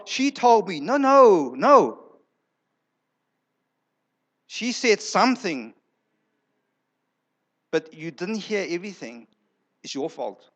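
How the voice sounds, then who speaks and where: A man's voice: very high-pitched, fairly bright tone. A male pastor preaching a sermon in a church, emphatic, repeating words for effect and acting out quoted lines.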